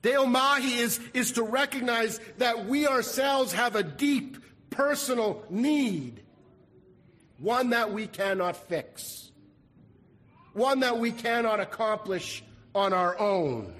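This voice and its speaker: A man's voice: extremely high pitch, lively intonation, takes it slowly, fairly bright tone, big-room sound. A man preaching a sermon as pastor, earnest and repeating his key phrases. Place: church sanctuary.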